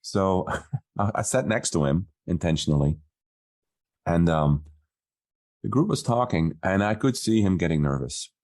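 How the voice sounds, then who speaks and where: Brief: low-pitched male business coach, relaxed podcast storyteller who voices the quoted dialogue. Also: a little slow, long pauses.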